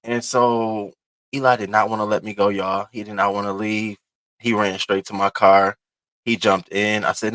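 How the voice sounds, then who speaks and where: A man's voice: on the low side, fairly even intonation, normal speed, fairly bright tone, no room sound. A man hosting a casual morning livestream, chatting openly and greeting his viewers as baby and y'all. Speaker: show host.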